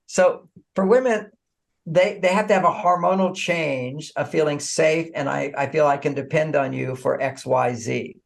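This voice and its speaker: A man with a somewhat high voice and a gravelly, creaky edge talks as a guest in a podcast interview. He explains in an animated, conversational way, breaking into small chuckles. He often stumbles and repeats words before finishing his thought. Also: moderate pace. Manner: animated, acts out dialogue, frequent chuckles. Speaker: author guest.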